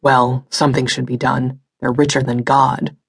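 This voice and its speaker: A scornful woman with a deep, gruff voice talks bluntly behind someone's back, as a woman narrator puts her on. Her words come out low and demanding, a storybook gossip with no softness. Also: little pitch movement, measured pace, no room sound. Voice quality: gruff, deeper voice.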